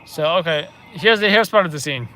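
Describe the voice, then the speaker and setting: A man's voice: a little high, expressive, brisk, bright, forceful tone, slight background noise. A man hosting a live news stream, chatting casually and off-the-cuff with viewers.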